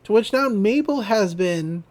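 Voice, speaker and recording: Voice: medium pitch, lively intonation, measured pace, darkish tone. A podcast co-host in a casual recap who rambles, laughs often and acts out the lines.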